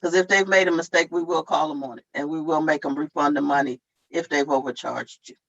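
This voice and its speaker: A woman's voice: low-pitched, fairly even intonation, a little fast, gravelly, highs cut off. A woman at an online town hall, explaining tenant law step by step in a plain, repetitive way. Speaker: tenant advocate.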